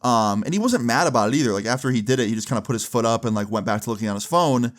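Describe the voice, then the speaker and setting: A man's voice: medium pitch, animated, rapid-fire. A young man telling a casual story full of crude slang, filling his talk with "like". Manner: crude, casual, many "like" fillers.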